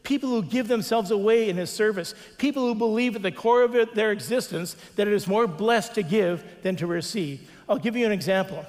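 A man's voice: high voice, a little fast, hardly any pauses, a little mellow, big-room sound. A man preaching a sermon as a pastor, earnest, with repeated refrains and acted-out quotes.

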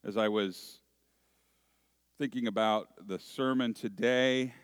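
Man preaching; slow and deliberate, mid pitch, dry close recording, storytelling with rhetorical questions. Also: clear, resonant tone, no room sound. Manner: expressive storytelling with acted asides and rhetorical questions. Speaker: pastor. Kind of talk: sermon.

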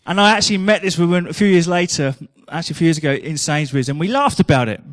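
A man's voice: on the high side, lively intonation, quick pace, fairly bright tone, dry recording, clean studio sound. A man preaching a sermon in a chatty, humorous storytelling manner.

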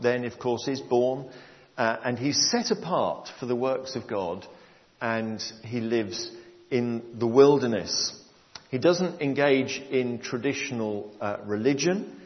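Slow-paced male preacher in a reverberant hall. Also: mid-range voice. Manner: measured, explaining to a congregation. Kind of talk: sermon, Bible exposition. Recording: long hall reverb, dull lo-fi sound.

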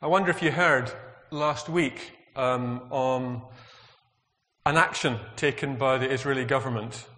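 A man's voice: mid-range voice, unhurried, bright, forceful tone. A man preaching a sermon, earnest and reflective, asking the congregation questions. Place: church. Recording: long hall reverb.

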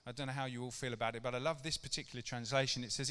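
A man's voice: mid-range voice, steady tone, rapid-fire, few pauses, pushed and bright, clear, resonant tone. A middle-aged man preaching a casual sermon to his church, chatty and conversational, with rhetorical questions to the congregation. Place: church hall. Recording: long reverb of a church hall.

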